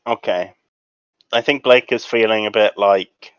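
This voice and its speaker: Slow, hesitant male player, smooth voice. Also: fairly low pitch, fairly even intonation, no echo. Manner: slow and hesitant, many ums. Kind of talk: casual tabletop play. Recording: dull dry lo-fi mic.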